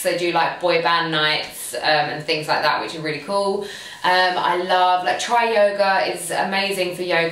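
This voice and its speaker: A woman's voice: lowish voice, fairly bright tone. Chatty woman in a very echoey room. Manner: chatty and gushing, full of "um" and "like" fillers. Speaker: lifestyle and fitness blogger. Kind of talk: casual Q&A vlog. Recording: very echoey room, voice far from the mic.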